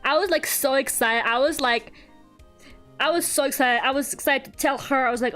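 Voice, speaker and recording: High-voiced young woman telling animated stories. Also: moderate pace, faint music behind. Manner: animated storytelling, laughs often, swears casually. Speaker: streamer and artist. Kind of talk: casual chat while drawing on stream.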